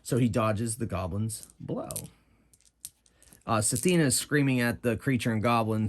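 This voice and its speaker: A man's voice: lowish voice, unhurried, slight background noise. A man narrating a solo tabletop game as game master, in a casual manner that thinks aloud.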